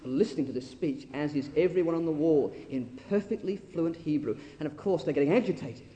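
A man's voice: on the high side, brisk, warm tone, muffled recording. A man preaching a sermon, expounding scripture with emphatic rhetorical questions. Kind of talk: sermon, Bible exposition. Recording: long hall reverb.

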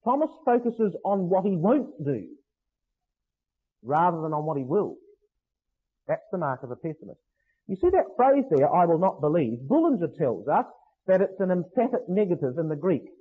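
A man preaching a sermon, emphatic, slowing to stress phrases and asking rhetorical questions. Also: fairly high pitch, sing-song, mellow, breathy edge, poor audio.

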